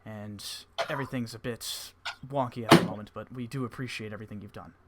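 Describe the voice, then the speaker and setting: A man's voice: on the low side, fairly even intonation, fast, very noisy, close to an everyday voice. A man doing a polite, grateful scout. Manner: polite, thankful.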